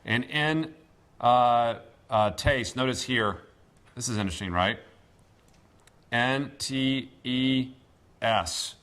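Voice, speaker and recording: A man teaching a classroom Greek lesson, speaking deliberately with many pauses and fillers. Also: medium pitch, lively intonation, fairly bright tone. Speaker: seminary professor.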